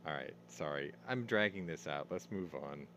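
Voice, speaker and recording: A man's voice: a bass voice, animated, normal speed, fairly bright tone, a little hiss or hum. A man hosting a casual news commentary show, rambling and opinionated, swearing as he talks. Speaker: host.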